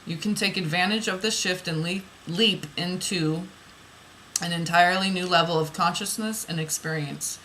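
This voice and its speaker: Bright-voiced woman reading oracle cards. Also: lowish voice, steady tone, moderate pace, slight background noise, low-quality recording. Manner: reads card text then muses in rambling, repeated phrases. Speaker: oracle card reader. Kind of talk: reading oracle cards aloud with personal asides.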